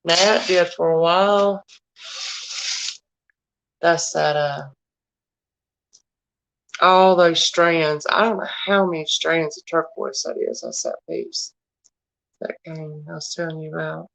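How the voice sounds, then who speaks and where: Slow-talking Southern woman, lowish voice. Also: sing-song, vocal fry, fairly bright tone, poor audio. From United States. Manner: chatty, homey, addresses viewers by name. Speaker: livestream host. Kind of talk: casual live-stream chat.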